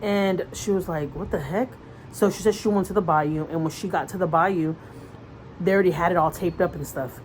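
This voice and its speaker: A woman's voice: on the low side, fairly even intonation, fairly quick, a little hiss or hum, low-quality recording. A woman vlogger retelling a story in casual chat, rambling with fillers and restarts, earnest and conversational. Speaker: mother vlogger.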